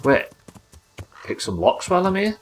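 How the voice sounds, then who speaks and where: A man streaming a game live, commenting excitably and swearing as he plays. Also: high-pitched, normal speed, creaky. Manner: excitable, sweary, talking to himself.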